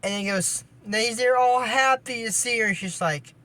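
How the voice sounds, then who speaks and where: A man's voice: very high-pitched, moderate pace, pushed and bright. A man casually recapping a cartoon episode, rambling with lots of fillers and restarts and dropping sarcastic asides. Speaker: anime episode reviewer.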